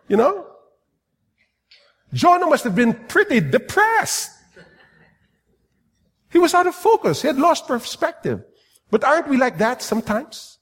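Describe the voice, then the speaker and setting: A man preaching a sermon in a lively, animated way, now and then acting out comic voices. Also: very high-pitched, measured pace, long pauses, big-room sound. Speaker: pastor.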